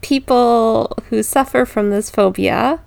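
Giggly woman podcast host with a creaky voice. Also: a little high, slow, darkish tone. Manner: giggly, playful, lightly hesitant. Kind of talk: casual chat.

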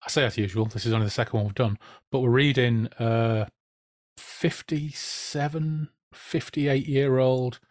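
A man hosting a casual book podcast, relaxed and jokey, swearing now and then. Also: medium pitch, normal speed. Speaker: podcast host. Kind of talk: casual book chat with read-aloud passages.

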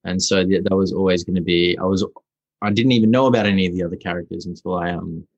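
A young Australian man, a guest actor, chatting casually in an interview, halting and restarting often. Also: sits low, fairly even intonation, dry recording, lo-fi sound. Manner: halting, full of restarts and fillers.

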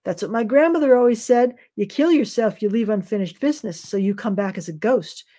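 Bossy diner waitress, blunt and brisk, mellow tone, read by a woman author. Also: medium pitch, animated, close to an everyday voice. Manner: blunt, no-nonsense.

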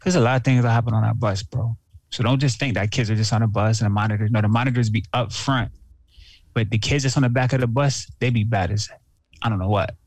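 A man chats on a podcast in a laid-back, slangy way, easygoing and unhurried. His voice is mid-pitched and recorded dry and close. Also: steady tone, dry recording. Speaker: podcast co-host. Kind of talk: casual podcast chat.

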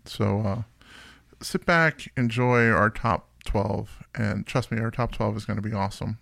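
Gravelly, chatty podcast co-host man. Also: on the low side, measured pace, fairly bright tone, no room sound, clean studio sound. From United States. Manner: joking, chatty, digressive. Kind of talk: casual music podcast chat.

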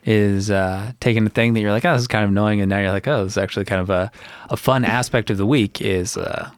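Deadpan, teasing man on a podcast. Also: fairly low pitch, quick pace, dry recording. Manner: dry, teasing humor and deadpan tall tales. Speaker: podcast co-host. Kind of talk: casual chat.

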